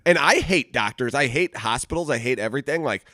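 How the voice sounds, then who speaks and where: A man's voice: mid-range voice, fairly quick, no room sound. Guy, 40s, podcast cohost, laughs a lot, cusses, dry close sound. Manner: animated, profane, laughs often, acts out quotes. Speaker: podcast co-host. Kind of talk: casual chat, storytelling.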